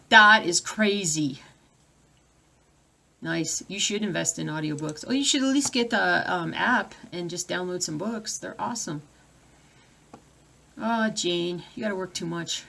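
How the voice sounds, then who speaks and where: A friendly woman in a relaxed live-stream chat, talking at a medium pitch and chatting to her viewers one comment at a time. A light hiss sits under her voice, and now and then she turns aside to fuss at her pets at home. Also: gravelly. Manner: chatty, reads viewer comments aloud, distracted by her dogs. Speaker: cross-stitch vlogger.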